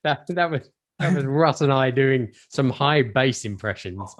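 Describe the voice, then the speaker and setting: A man's voice: medium pitch, lively intonation, unhurried, a little hiss or hum. A man co-hosting a comedy podcast with dry, punning banter. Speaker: podcast co-host. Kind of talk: casual comedy chat.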